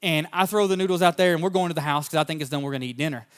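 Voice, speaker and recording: A male pastor preaching a sermon and telling personal stories, fervent in places and relaxed in others. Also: a little high, rapid-fire, clear, resonant tone. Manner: fervent at the open, then relaxed anecdotal storytelling.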